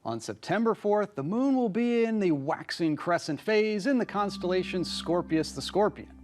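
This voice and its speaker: A man's voice: high-pitched, animated, moderate pace, a little mellow, slight background noise. A man co-hosting a scripted astronomy program as an astronomer, reading in a friendly, informative way. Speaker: co-host, astronomer.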